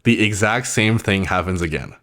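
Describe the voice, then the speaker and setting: A man's voice: low-pitched, moderate pace, fairly bright tone. A young man casually telling a personal story on his vlog, rambling and filling nearly every phrase with "like". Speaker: vlogger.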